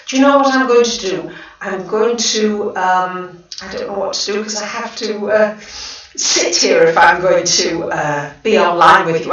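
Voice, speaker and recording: A woman hosting a casual astrology livestream, chatty and excitable, greeting viewers one by one. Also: mid-range voice. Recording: very echoey room, voice far from the mic.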